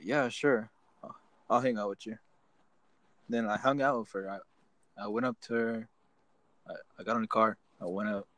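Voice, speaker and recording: A man's voice: fairly low pitch, dry recording, poor audio. A young man telling a rambling, profane story to his friends in casual chat. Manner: rambling, profane, restarts often.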